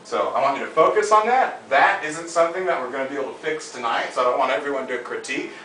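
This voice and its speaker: A man's voice: medium pitch, expressive, fast talker, bright, forceful tone. A man coaching someone in a bossy, lecturing way. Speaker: dating coach. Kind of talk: mock coaching session. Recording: echoey room, from far off, faint noise.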